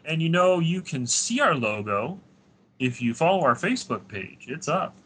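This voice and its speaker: A man's voice: fairly high pitch, big pitch swings, moderate pace, a bit bright, slightly rough. A man co-hosting a podcast in casual chat, upbeat as he plugs the show. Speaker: podcast co-host.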